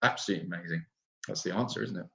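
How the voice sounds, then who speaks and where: A man's voice: deep voice, racing, vocal fry, sharp tone, echoey room. A man hosting a casual livestream for an animal sanctuary, talking in a meandering, self-interrupting but upbeat way.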